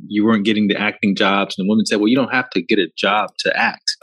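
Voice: low-pitched, steady tone, fast talker, fairly bright tone, breathy edge. A host who asks for a story and gives encouraging replies in an interview conversation.

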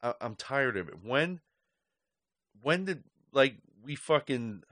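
A man's voice: medium pitch, lively intonation, slow pace, a bit bright, dry recording. Middle-aged male podcast host, angry profane rant, dry recording.

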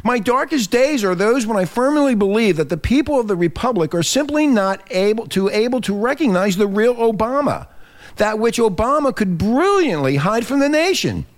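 A man hosting a political talk radio show, emphatic and animated, reading from a text between remarks. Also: moderate pace. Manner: animated, emphatic, swinging from low grumble to high exclaim; reads aloud from a written text between remarks.

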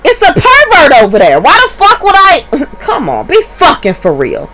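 A woman's voice: high-pitched, huge pitch swings, moderate pace, fairly bright tone. A young woman and mother telling a story to her viewers in a casual, profane and emphatic way.

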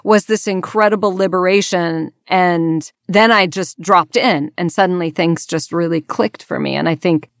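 Lower-voiced enthusiastic actress guest. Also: female voice, fairly even intonation, normal speed, few pauses, dry recording, clean studio sound. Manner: enthusiastic, laughs easily. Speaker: actress and casting director. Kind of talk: casual interview chat.

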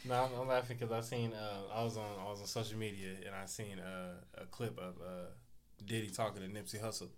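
A man's voice: on the low side, steady tone, brisk. A man from Southern California, hosting a casual podcast chat and telling stories in a laid-back way. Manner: laid-back storytelling, acts out quotes in raised voices. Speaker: podcast host.

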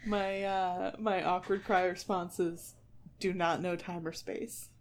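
A woman co-hosting a casual podcast, with a dry, deadpan, self-deprecating sense of humor. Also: on the low side, slow pace, slight background noise. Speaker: podcast co-host. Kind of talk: casual chat.

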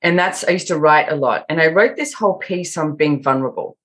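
Low-voiced Australian woman telling stories. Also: a little fast. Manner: lively storyteller, quotes herself often. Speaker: podcast guest. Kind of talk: casual interview chat. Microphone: remote call-in.

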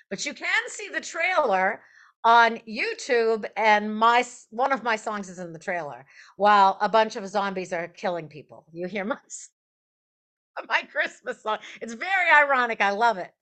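A woman songwriter and performer, a guest on an interview show, telling stories in a chatty, animated way and laughing as she goes. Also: on the high side, moderate pace. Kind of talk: casual interview storytelling.

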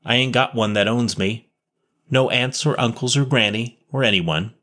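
A man reading a story, voicing a poor street boy who talks in rough slang with double negatives. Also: mid-range voice, normal speed, a bit bright, natural voice. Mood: plain, wary. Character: ragged, shy street boy, near twelve.

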